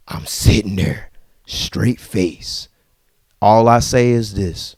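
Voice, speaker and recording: A man hosting a podcast, telling a story in a casual, animated and profane way and acting out the people in it. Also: fairly low pitch, slow pace, no room sound, studio quality. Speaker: podcast host.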